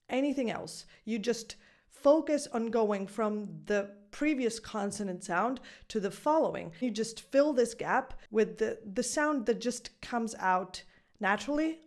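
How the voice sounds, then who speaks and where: A woman teaching a pronunciation lesson, repeating example words slowly to demonstrate sounds. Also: medium pitch. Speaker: English pronunciation coach.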